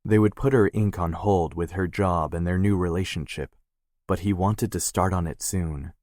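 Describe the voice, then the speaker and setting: A man narrating an audiobook in a steady, measured read. His voice is very low and deep, and the recording is close and dry with no room echo.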